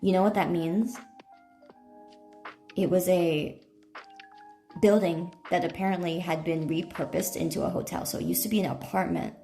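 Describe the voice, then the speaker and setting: A woman's voice: lowish voice, normal speed, gravelly, pauses often, warm tone, soft background music. A woman streamer chatting casually, telling rambling stories full of fillers and self-corrections. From United States. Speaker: IRL streamer. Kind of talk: casual live-stream chat.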